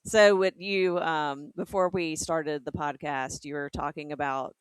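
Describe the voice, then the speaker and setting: A woman's voice: sits low, fairly even intonation, smooth, no echo. Playful woman comedian co-hosting a podcast. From American South. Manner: playful, quick to laugh, mimics voices in jokes. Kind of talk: casual chat.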